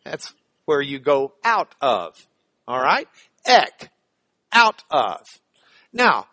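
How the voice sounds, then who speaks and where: A man's voice: fairly high pitch, a bit bright, no echo. A man teaching a church Bible class in a playful, joking way, spelling out words.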